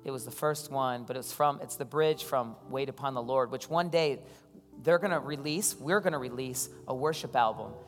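Speaking at an ordinary pace in a mid-range voice, a male pastor delivers a sermon in a church hall, telling stories in a conversational way and putting questions to the crowd. Soft music plays behind him, and the sound carries a long hall reverb with gentle keys.

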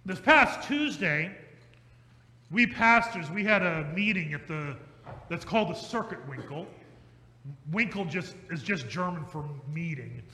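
A male pastor preaching an emphatic, repetitive sermon that slows down for stress and speeds up in asides. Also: a little high, animated, sharp tone. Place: church sanctuary. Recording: echoey church hall.

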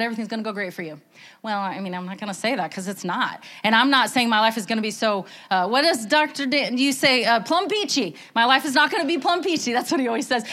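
Woman giving a casual church talk, kinda high voice, lots of ums and restarts. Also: a bit bright. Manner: chatty, earnest, many fillers and restarts. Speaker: church speaker.

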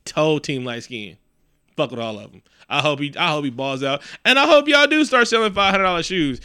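A man co-hosting a casual podcast, telling stories in a profane, animated way and acting out the people he quotes. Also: fairly high pitch, fairly quick, clean tone, no room sound, clean studio sound. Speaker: podcast co-host. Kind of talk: casual chat.

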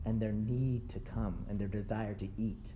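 A man's voice: on the low side, background noise. Man giving a chatty sermon. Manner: casual, keeps checking in with "right?"; lively, acts out excuses in quick asides. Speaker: preacher. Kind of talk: conversational sermon.

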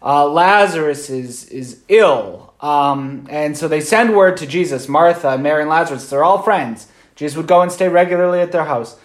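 A man's voice: fairly high pitch, moderate pace, few pauses, echoey room. A man, a Catholic priest, giving an informal Sunday homily in a conversational way, often checking in with "right?".

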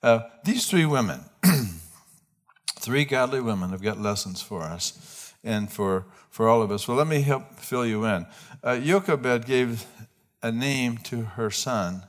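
A man's voice: medium pitch, expressive, takes it slowly. A man preaching a sermon as pastor, talking conversationally, restarting phrases and putting questions to the congregation. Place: church.

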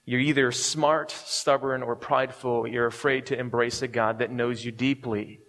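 A man's voice: medium pitch, steady tone, moderate pace, fairly bright tone, long reverb tail. A man preaching a sermon as a pastor, speaking in a conversational way, chuckling often and checking in with his listeners. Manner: conversational, chuckles often, keeps asking "right?".

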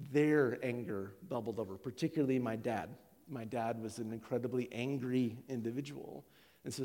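Confessional pastor in a reverberant hall. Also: male voice, medium pitch, a little mellow. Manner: candid, confessional storytelling. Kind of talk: personal sermon.

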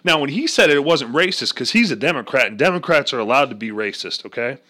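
A man's voice: medium pitch, lively intonation, fast talker, pushed and bright. Profane joking man ranting casually. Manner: crude, joking, swears often, does voices. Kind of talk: casual profane political rant.

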